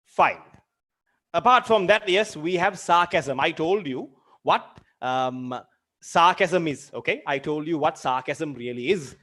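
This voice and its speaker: Animated and a little slow, a man with a fairly high, sharp-toned voice delivers a literature lesson in an online lecture. He defines terms, repeats examples, and asks students questions directly.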